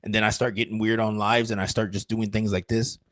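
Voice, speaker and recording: A man rambling excitedly on a live stream, cursing and joking as a country musician. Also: on the low side, brisk, slight background noise.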